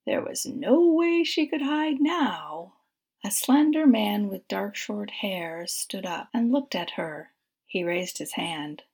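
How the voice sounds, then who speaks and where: A woman narrating a story in a soft, breathy, half-whispered voice. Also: mid-range voice, animated, slow.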